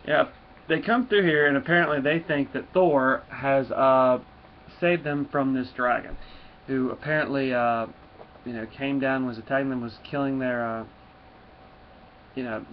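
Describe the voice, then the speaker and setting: A man casually reviews a comic book, rambling with lots of fillers. His voice sits at an ordinary pitch. The sound is dull and lo-fi, with a faint hiss under it. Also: fairly even intonation, normal speed.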